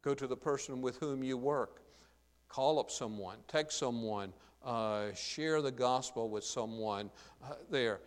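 A man preaches a sermon in a smooth, unhurried, medium-pitched voice, earnest and emphatic, rising whenever he quotes Scripture. The recording carries the long reverb of a large hall.

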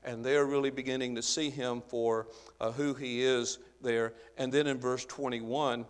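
A man preaching a Bible-teaching sermon, earnest and explanatory, often pausing on "uh" as he works through the passage. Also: medium pitch, steady tone, clear, resonant tone. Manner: earnest, explanatory, with frequent "uh" fillers. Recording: long reverb of a large hall.

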